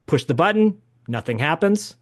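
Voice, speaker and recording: A man in his fifties hosting a podcast, telling a story in an animated, chatty way. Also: on the high side, moderate pace. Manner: animated, chatty, laughs as he tells stories. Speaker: podcast host. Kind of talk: casual storytelling.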